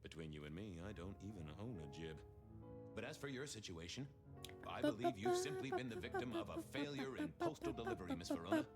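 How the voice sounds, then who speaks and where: A suave, wry vampire hero from a video game. His delivery is dry and arch, and his pitch rises and dips a great deal as he talks. Loud game music plays under his lines. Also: very animated, fast.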